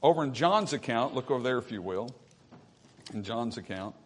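A male pastor preaching a sermon, reading scripture slowly and building to emphatic, forceful peaks. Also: mid-range voice, lively intonation, a little hiss or hum. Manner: reads scripture aloud slowly. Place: church.

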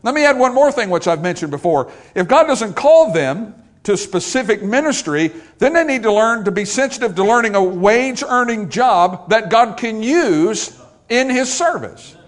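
A man's voice: sits high, very animated, normal speed. An older man preaching a sermon as pastor, emphatic and repetitive, driving points home with rhetorical questions.

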